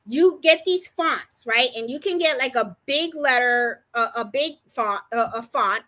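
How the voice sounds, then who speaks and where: A woman's voice: high voice, a little slow, pushed and bright. A woman hosting a live crafting stream, chatting casually, laughing often and greeting viewers by name. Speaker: livestream host.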